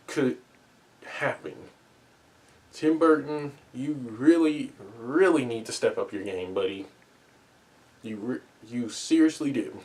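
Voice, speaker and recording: A man giving a casual spoken movie review, talking earnestly, often repeating and restarting his words and making pleading asides. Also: medium pitch.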